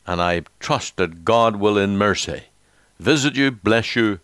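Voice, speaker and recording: A man's voice: on the low side, animated, unhurried, fairly bright tone, no echo. A man preaching a sermon, telling an illustrative story and then encouraging his listeners.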